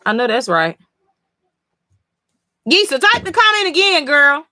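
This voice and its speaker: A woman's voice: high-pitched, very animated, a little slow, bright, forceful tone, no room sound. Emphatic woman streamer, dry close sound. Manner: emphatic, swears often, talks to chat. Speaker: streamer reading comics live. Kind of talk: live comic reading reaction.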